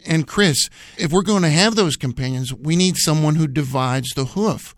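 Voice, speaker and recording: A man's voice: a little high, normal speed, vocal fry, dry recording, studio quality. A man co-hosting a radio Bible program, teaching in an earnest, emphatic, repetitive preacher's manner.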